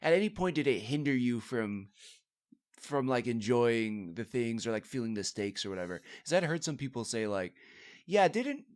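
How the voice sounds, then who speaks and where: A man's voice: mid-range voice, animated, normal speed. A man co-hosting a casual movie podcast, rambling and breaking off his sentences with many fillers. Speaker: podcast co-host.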